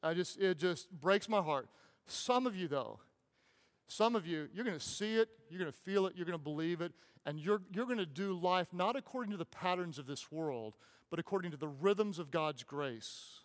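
A man preaching as a pastor, impassioned, repeating phrases and dropping to soft, slow pauses. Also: high-pitched, lively intonation. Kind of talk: sermon. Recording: long hall reverb.

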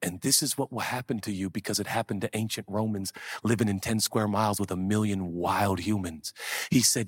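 A husky-voiced pastor in his forties delivers a sermon with playful asides. He swings from soft, hushed lines to sudden loud bursts. The sound is close and dry. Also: lowish voice, fairly even intonation, fairly quick, dry recording. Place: large church auditorium.

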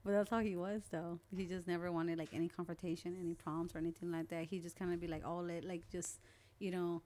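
A young woman talking casually as a guest, telling stories about her family with lively quoted voices. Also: fairly low pitch, fast. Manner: animated storytelling, acting out family quotes. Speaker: guest, older sister. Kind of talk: casual conversation.

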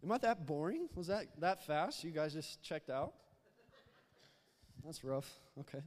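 A young man delivers a sermon in a fairly high voice, chatty and loose, stumbling over repeated words and coaxing the congregation to respond. His voice carries a long reverb tail from the church sanctuary. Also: very animated, a little slow. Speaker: youth pastor.

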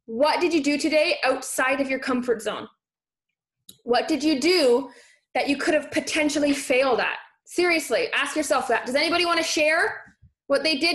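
A young woman with a high voice leads a motivational live chat, warmly pushing her viewers to step out of their comfort zone. She sounds energetic and encouraging. The room is echoey. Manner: energetic, encouraging, reads viewer comments aloud. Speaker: live stream host coaching viewers.

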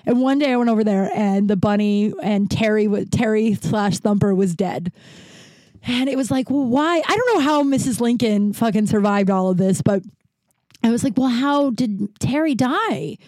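A woman telling a personal story casually, rambling with many fillers and correcting herself, laughing wryly at dark memories. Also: medium pitch, moderate pace, no room sound. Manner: rambling, heavy use of "like", self-correcting.

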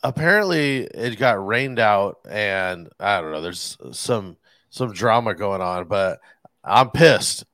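A man's voice: fairly low pitch, lively intonation, measured pace, a bit bright, no echo. A man co-hosting a casual podcast, venting in an exasperated way and swearing. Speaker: podcast co-host.

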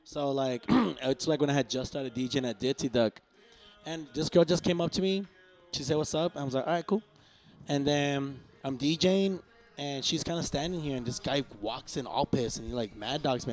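A man's voice: medium pitch, moderate pace, faint music behind. A young man trades stories on a casual podcast, loose and full of slang and swearing. His voice sits in an ordinary middle range. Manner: slangy, swears a lot, laid-back storytelling. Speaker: podcast co-host and DJ.

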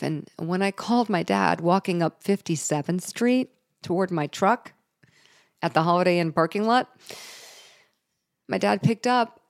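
A middle-aged woman telling a personal story in a candid, emotional way, with laughs and chatty fillers. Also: on the low side.

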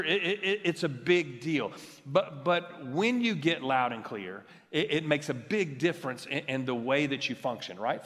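Preaching man, slightly high voice, big hall reverb. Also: fairly bright tone. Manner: emphatic, checks in with the audience with "right?"; frequent stammered restarts. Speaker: pastor. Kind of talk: sermon. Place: large church worship center. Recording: long hall reverb from a church sanctuary.

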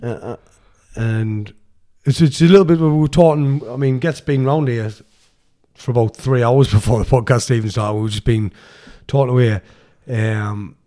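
Chatting casually as a podcast co-host, a man rambles along, laughing often and swearing plenty. He speaks at normal speed in a warm, mid-range voice.

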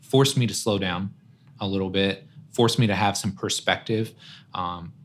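A man's voice: deep voice, moderate pace, slight background noise. A man, a guest on a podcast, talking in a casual, conversational way and often tossing in "man" and "right?". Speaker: guest, strength coach.

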